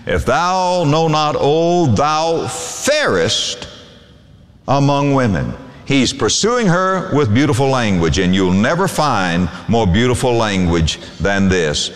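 A man's voice: sing-song, slow pace. Preaching man in a reverberant hall. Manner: preaching with sweeping pitch swings, quoting scripture in old English. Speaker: pastor. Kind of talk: sermon.

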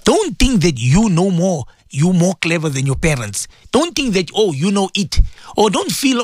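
Radio host, preaching talk, emphatic, repeats phrases, Arabic phrases in English, animated pitch, dry studio sound. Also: moderate pace, no echo.

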